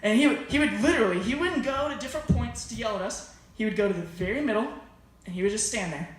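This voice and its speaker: A man's voice: high voice, fast. A young man preaching a youth sermon in a casual, storytelling way full of slang, recorded on a phone camera from far off. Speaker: youth pastor. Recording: very echoey, distant phone recording.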